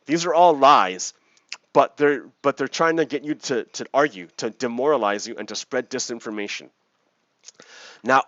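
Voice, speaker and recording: A man hosting a casual commentary vlog, talking in an animated way and often checking in with "right?". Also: mid-range voice, dry recording, highs cut off. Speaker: vlog host.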